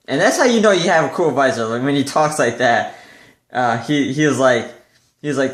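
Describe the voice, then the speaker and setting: A young man chatting casually to the camera in a rambling vlog, full of fillers and lively when quoting others. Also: mid-range voice, normal speed. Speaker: vlogger. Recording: echoey room.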